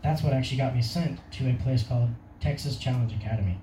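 Young guy telling his testimony, rambly and laughing a lot, mellow voice, echoey room, a bit off mic. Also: medium pitch, fast, distant mic, a little hiss or hum. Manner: rambling, casual, laughs often. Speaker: testimony speaker. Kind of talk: personal testimony.

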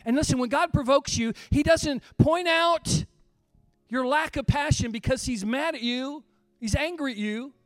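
A middle-aged male pastor with a strikingly high voice preaches a sermon passionately at a moderate pace, dropping to near-whispers and rising to full shouts. The recording is close and dry, with faint music underneath.

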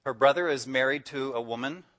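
A man's voice: mid-range voice, a little fast, a bit bright. A man preaching as a guest speaker, enthusiastic and emphatic, often breaking into laughter. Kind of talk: sermon.

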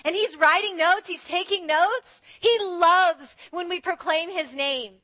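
A woman preacher giving an animated sermon who acts out the voices of the people she quotes. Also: very high voice, a little slow.

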